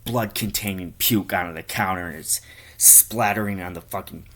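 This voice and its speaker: Low-voiced man rambling through a comic tale. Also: normal speed, a bit bright. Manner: rambling, profane, offhand. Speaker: comic storyteller. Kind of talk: improvised comedy storytelling.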